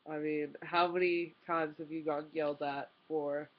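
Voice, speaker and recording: A woman's voice: deep voice, flat delivery, moderate pace, muffled recording. A young woman vlogger telling a story in an exasperated, rambling way, full of "like" and restarts. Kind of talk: casual storytime rant.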